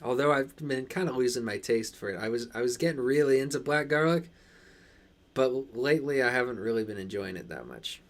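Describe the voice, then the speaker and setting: A man with a transatlantic accent hosting a casual live stream, reading chat aloud and answering in halting, restarting sentences. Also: mid-range voice, expressive.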